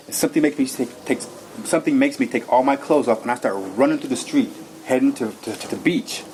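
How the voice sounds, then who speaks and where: A man telling a personal story in an interview. He rambles in an animated way and acts out his own lines as he goes. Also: mid-range voice, brisk. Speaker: interview guest. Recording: noisy recording.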